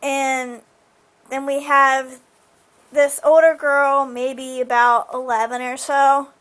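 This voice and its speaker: A high-voiced woman talks through a TV episode in a loose, rambling recap. She fills her sentences with "like" and "um" as she goes. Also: little pitch movement, slow, fairly bright tone. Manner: chatty, full of fillers like "like" and "um". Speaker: show recapper.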